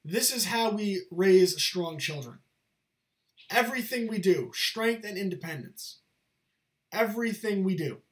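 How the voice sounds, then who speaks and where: Earnest high-voiced man lecturing. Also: expressive, measured pace. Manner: earnest, repeats himself, lecturing. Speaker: channel host. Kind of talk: casual monologue to camera.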